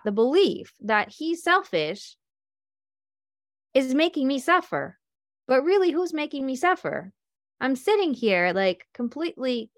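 A woman's voice: mid-range voice, no room sound, studio quality. A woman giving an informal talk to a group, explaining ideas through examples and acting out little scenes with voices. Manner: animated, acts out scenes with voices. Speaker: speaker teaching self-inquiry.

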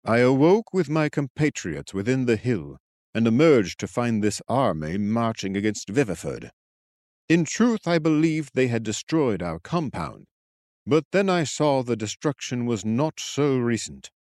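A man voicing an ancient, loyal male warrior who speaks in a formal, archaic, measured way. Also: mid-range voice, sing-song, darkish tone, no room sound, studio quality. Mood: solemn. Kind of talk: audiobook character voice.

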